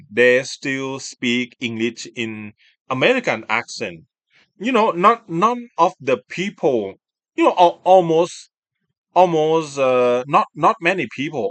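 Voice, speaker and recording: A man, an English speaker, hosting a casual chat and talking in halting, self-correcting phrases. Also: mid-range voice, a bit bright, no room sound. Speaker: video host.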